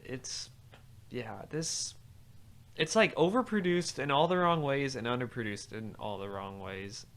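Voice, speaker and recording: A man's voice: medium pitch, a little slow, fairly bright tone. A man hosting a casual music podcast, trading sarcastic, mocking banter about an album. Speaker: podcast host. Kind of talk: casual music commentary chat.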